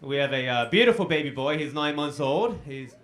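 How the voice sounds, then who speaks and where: A man's voice: on the high side, animated, brisk, a bit bright. A man in his thirties doing a stand-up comedy set on a club stage, self-deprecating, with dry punchlines delivered to the crowd.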